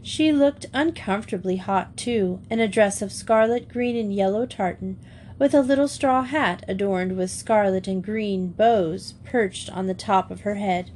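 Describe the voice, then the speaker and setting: Woman, storybook narration, steady, clear reading. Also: mid-range voice, unhurried, slight background noise. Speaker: audiobook reader.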